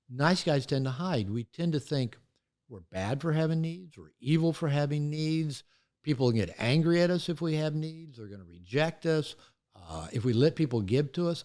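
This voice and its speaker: An older man, an author and therapist, talking candidly in an interview and acting out quoted voices as he tells stories. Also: a little high. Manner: animated storytelling, acts out quoted voices.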